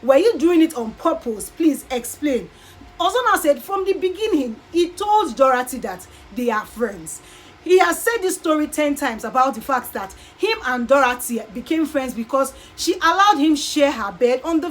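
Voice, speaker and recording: A woman's voice: high voice, animated, moderate pace, faint music behind, rough recording. A Nigerian woman vlogger chatting animatedly as she recaps a show, acting out quotes as she goes. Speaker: YouTube vlogger. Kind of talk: casual gossip recap.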